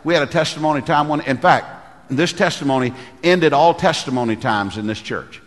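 A man's voice: on the high side, normal speed. Folksy preaching man in a reverberant church. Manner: folksy storyteller who acts out quoted voices. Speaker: pastor. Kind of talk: sermon with storytelling.

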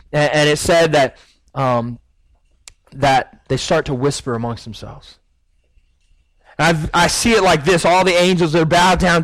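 Man, guest preacher, vivid storyteller, somewhat high pitch, dry recording. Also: fairly bright tone, no room sound, low-quality recording. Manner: vivid storytelling, acts out scenes. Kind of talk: sermon.

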